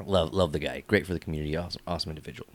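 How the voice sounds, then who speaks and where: A man's voice: extremely low pitch, steady tone, rapid-fire. A man from California co-hosting a podcast, telling crude rambling stories and laughing often. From California, USA. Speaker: podcast co-host. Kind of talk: casual chat.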